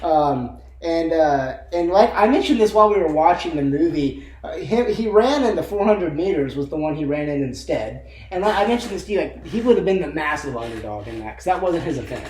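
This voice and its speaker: Young man, slightly high voice, casual movie co-host, rambling and laughing, echoey room. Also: animated, a little fast, few pauses, darkish tone. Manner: rambling, many fillers, laughs often. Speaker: co-host of a movie discussion channel. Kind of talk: casual chat.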